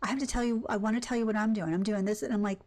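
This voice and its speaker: A woman live-streaming a cozy game, chatting casually and rambling with quick asides about her day. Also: medium pitch, steady tone, darkish tone. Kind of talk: casual live-stream chat while gaming.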